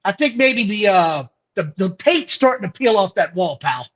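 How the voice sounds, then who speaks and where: A high-voiced male host giving blunt, profane opinions on wrestling. His pitch leaps around animatedly, and the audio is dull and lo-fi. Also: big pitch swings, moderate pace, a bit bright. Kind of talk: casual wrestling podcast chat.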